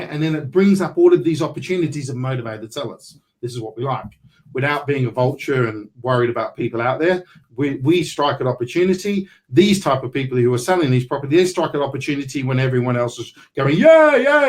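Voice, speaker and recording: A man's voice: medium pitch, low-quality recording. A man mentoring a group on property deals, brash and salesy, swearing casually as he talks.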